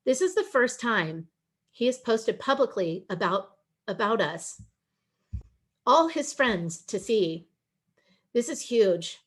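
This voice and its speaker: A woman's voice: fairly high pitch, lively intonation, slow, long pauses, breathy edge. Earnest woman presenting a webinar. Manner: earnest, pleading, emotional.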